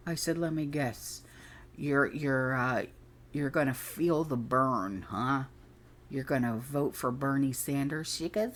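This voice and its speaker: A woman's voice: a bass voice, animated, a little slow. A middle-aged woman hosting her own channel, talking in a rambling, indignant monologue that drifts off on tangents. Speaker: channel host. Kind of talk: casual ranting monologue.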